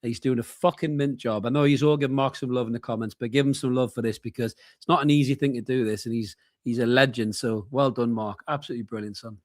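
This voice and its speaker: Brief: guy, 30s, laid-back sweary match-stream co-host, mid pitch. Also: steady tone, fast talker, hardly any pauses. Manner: chatty, swears freely, laughs often. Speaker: co-host of a football watchalong stream. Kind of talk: casual live match chat.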